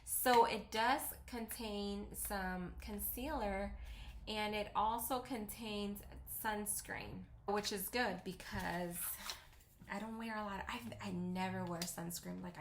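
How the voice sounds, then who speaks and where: A woman in her thirties, a native Spanish speaker with a Spanish accent, chats and rambles casually through a makeup tutorial into her camera at home, sounding self-deprecating like a typical vlogger. Her medium-pitched voice moves slowly with fairly even intonation. The camera mic catches a roomy echo and a little hiss or hum.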